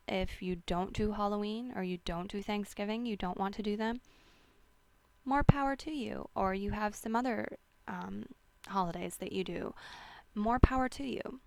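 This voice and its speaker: A woman hosting a wellness talk, giving casual seasonal health advice in a slow, rambling way with many fillers and restarts. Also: mid-range voice, vocal fry, no echo. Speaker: wellness host.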